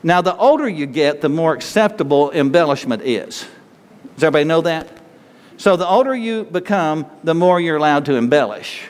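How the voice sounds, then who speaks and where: Guy preaching in church, folksy and jokey, kinda high voice, long echo off the hall. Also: expressive, fairly quick. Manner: folksy, joking preacher who talks straight to the congregation. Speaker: pastor. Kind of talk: sermon.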